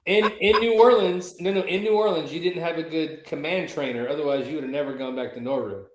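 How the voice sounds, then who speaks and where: A man's voice: on the high side, a little fast, reverberant, rough recording. A man co-hosting a veterans podcast, teasing and joking in casual banter. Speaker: podcast co-host, Navy veteran.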